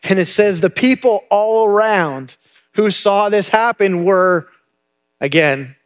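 A man with a high voice preaches in a loose, conversational way. He retells a story and often repeats a word or two as he finds his next thought. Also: expressive, slow pace. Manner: conversational, repeats words while thinking. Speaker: pastor. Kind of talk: sermon retelling a Bible story.

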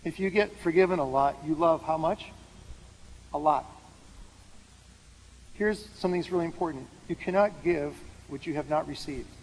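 A man's voice: on the high side, normal speed, pauses often, slightly rough. Conversational male pastor in a reverberant hall. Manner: conversational, asks the room questions. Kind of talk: sermon. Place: large hall with an audience. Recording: hall reverb with faint background noise.

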